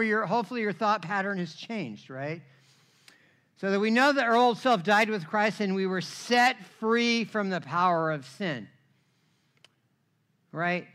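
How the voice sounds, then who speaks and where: A middle-aged pastor delivers a sermon with personal testimony in a high, bright voice at a moderate pace. He recounts his own story with forceful, vivid energy, voicing other people and checking in with "right?" along the way.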